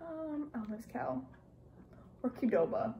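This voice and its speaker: A woman's voice: high voice, animated, slow, mellow. A young woman answering questions on a family vlog, blunt and teasing in a casual chat. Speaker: vlogger answering interview questions.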